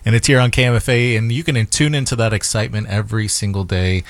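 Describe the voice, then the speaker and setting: A man hosting a classical music radio morning show, making upbeat pitches for a fund drive in the studio. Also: steady tone, quick pace, no echo. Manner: upbeat, promotional, repeats phone number. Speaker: radio host. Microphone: studio microphone.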